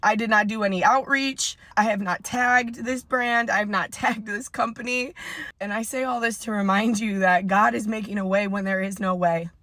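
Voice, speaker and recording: A woman's voice: mid-range voice, fairly even intonation, normal speed, fairly bright tone, no echo. A woman fitness trainer recording a vlog in her parked car, emotional and holding back tears, stressing her points by repeating them.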